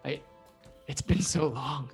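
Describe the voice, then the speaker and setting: A man voicing a weary, grateful dwarf man who has just been freed, in a voice a little higher than his own. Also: takes it slowly, vocal fry, music in the background. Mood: bewildered. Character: weary bound male dwarf, grateful and anxious.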